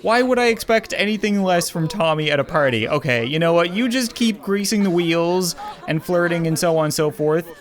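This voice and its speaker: A young man giving comedic, excitable commentary on a life-sim game, often laughing and exclaiming. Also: a little high, moderate pace. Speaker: gaming YouTuber.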